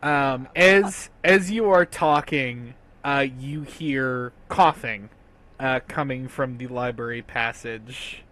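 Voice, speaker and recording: Male game master, unhurried, bright tone, relaxed and chuckly. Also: mid-range voice. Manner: easygoing, laughs often, hesitant fillers. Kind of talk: narrating a tabletop game.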